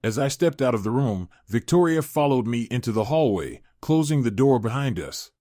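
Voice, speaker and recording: Male narrator, steady first-person storytelling, mid pitch, dry. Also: normal speed, no room sound.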